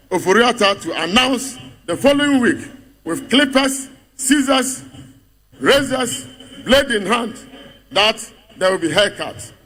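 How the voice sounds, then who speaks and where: A man's voice: high voice, pushed and bright. Ghanaian man giving a mocking political speech. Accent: Ghanaian English. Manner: mocking, rhetorical, repetitive refrains. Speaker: party speaker at a congress.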